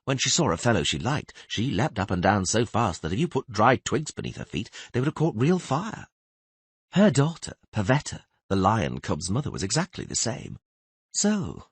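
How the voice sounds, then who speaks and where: A man's voice: lowish voice, husky, no echo, heavily acted. A man voicing a sly, teasing older queen in an audiobook, speaking with a mocking edge. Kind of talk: audiobook character voice.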